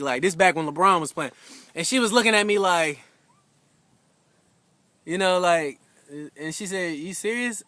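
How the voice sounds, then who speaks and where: A young man talks straight to his wife in a loose, chatty way, piling up fillers as he retells a story with growing excitement. His voice sits high and bright. The sound is close and dry, with no room echo. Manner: casual, filler-heavy, animated retelling. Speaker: husband giving an anniversary message. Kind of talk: heartfelt personal storytelling.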